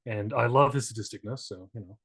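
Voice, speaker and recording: A man's voice: lowish voice, a little fast, fairly bright tone, husky. Rambling man, jokey. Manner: rambling, self-interrupting, jokey. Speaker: tabletop game player and game master. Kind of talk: casual stream introduction.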